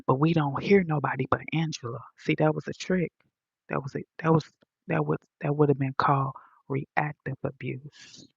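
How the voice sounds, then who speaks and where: A woman's voice: deep voice, moderate pace, gravelly, husky, no echo, muffled recording. A woman telling her own story in a casual vlog, blunt and profane, acting out what others said. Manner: animated, profane, blunt retelling with quoted voices.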